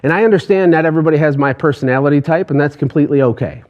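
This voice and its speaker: A man's voice: on the high side, very fast, dull audio. A man, a business coach, giving a passionate motivational talk to an online audience, pushing hard with rhetorical questions.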